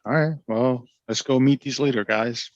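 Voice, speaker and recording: A man's voice: medium pitch, moderate pace, no echo, highs cut off. A man playing a tabletop game, asking hesitant questions with restarts. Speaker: player. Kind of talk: casual tabletop role-play.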